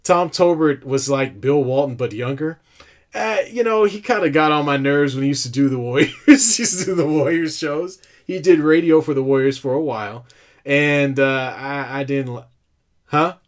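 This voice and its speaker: A man's voice: fairly high pitch, normal speed. A man co-hosting a casual sports talk show, ranting animatedly with frequent restarts and laughs. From California. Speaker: podcast co-host.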